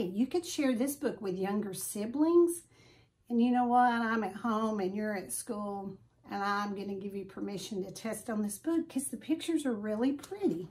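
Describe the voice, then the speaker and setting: Woman, teacher, friendly, talking to kids, picture book read-aloud, slightly high pitch. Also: a little mellow. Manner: friendly, addressing children directly. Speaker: third grade teacher. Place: at home.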